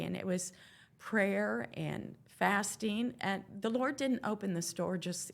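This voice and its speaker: An older woman speaking as a guest on an interview podcast. Her voice is gravelly with a bit of fry, and her pitch sits in the middle. She tells a personal story earnestly and reflectively. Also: slow. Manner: earnest, reflective, quotes her own past words.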